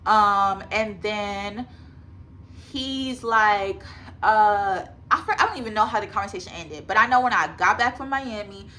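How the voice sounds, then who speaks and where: A woman's voice: mid-range voice, unhurried, pushed and bright, slight background noise. A woman in her twenties telling a personal story to her viewers in a casual, emphatic storytime vlog. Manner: chatty, emphatic, talks straight to viewers. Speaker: vlogger.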